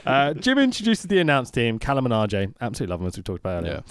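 A man's voice: mid-range voice, huge pitch swings, rapid-fire, clear, resonant tone, no room sound. A man co-hosting a podcast in casual chat, swearing freely and laughing often. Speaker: podcast co-host.

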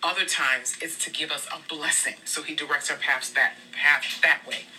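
An earnest devotional speaker shares personal testimony in a relaxed, conversational style. The voice has a very bright, edged timbre at a moderate pitch. It is recorded a little back from the microphone. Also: normal speed. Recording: voice a bit far from the mic.

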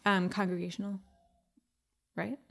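A woman's voice: mid-range voice, little pitch movement, a little slow, vocal fry, crowd noise. A woman co-hosting a podcast in casual chat, talking freely and laughing often. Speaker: podcast co-host.

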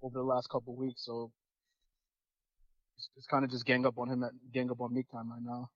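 A man's voice: medium pitch, monotone, a little fast, no room sound, highs cut off. A young man in casual podcast chat, laid-back, making brief remarks.

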